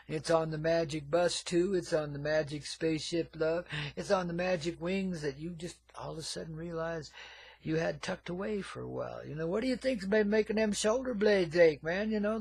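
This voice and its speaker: Older male radio host, a bit high-pitched, laid-back hippie monologue, calls everyone man and babies. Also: gravelly, breathy edge, dry recording. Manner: swings between murmured asides and loud outbursts. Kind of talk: rambling monologue.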